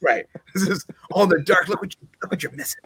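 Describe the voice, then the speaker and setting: A man hosts a loose sports chat and rambles cheerfully from point to point with jokes. His voice sits somewhat high for a man. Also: fairly even intonation, fast talker, creaky, a bit bright, breathy edge. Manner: rambling, jokey and chatty. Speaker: fantasy football co-host.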